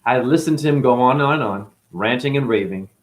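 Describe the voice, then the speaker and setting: A janitor with chronic hip pain tells a personal vlog story about clashing with his boss at his cleaning job, speaking emotionally and acting out quotes as he airs his grievances. He talks fast in a mid-range voice.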